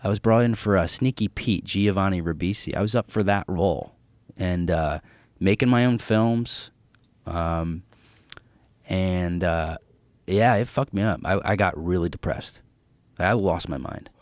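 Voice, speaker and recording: Man, comedian guest, low voice, animated storytelling, profane, dry studio sound. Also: unhurried, no echo. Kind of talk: casual podcast storytelling.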